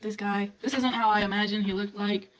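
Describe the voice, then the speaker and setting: A woman's voice: mid-range voice, a little fast. A young adult woman gushing and giggling as she rants about books she loves in a casual vlog. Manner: gushing, giggly, animated retelling. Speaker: book vlogger. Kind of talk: excited casual book rant. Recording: slightly distant mic with faint background noise.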